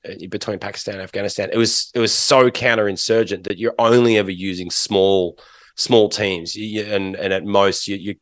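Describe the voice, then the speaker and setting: A middle-aged Australian man with a fairly low voice, speaking as a podcast guest. He talks in long rambling stretches, circling back with restarts and fillers. The sound is dry and close to the mic. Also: no echo. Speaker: interview guest. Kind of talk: casual interview talk.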